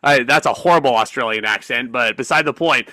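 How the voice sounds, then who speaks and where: A man's voice: medium pitch, a little fast, pushed and bright, low-quality recording. A young man co-hosting a podcast, chatting casually and with a bit of profanity in fan slang. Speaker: podcast co-host. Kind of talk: casual chat.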